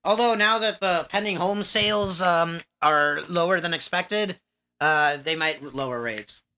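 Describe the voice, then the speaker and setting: Bright-voiced man laughing through banter. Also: on the high side, unhurried, a little hiss or hum. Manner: laughs often, pushes back in a reasoning tone. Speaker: podcast co-host. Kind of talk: casual podcast banter.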